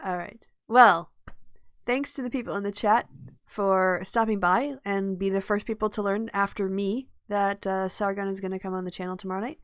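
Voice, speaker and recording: A woman's voice: mid-range voice, fairly even intonation, moderate pace, clear, resonant tone, no room sound. Chatty laughing woman co-host, dry sound. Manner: laughs often, chatty and rambling. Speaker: podcast co-host. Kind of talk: casual chat. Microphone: video call.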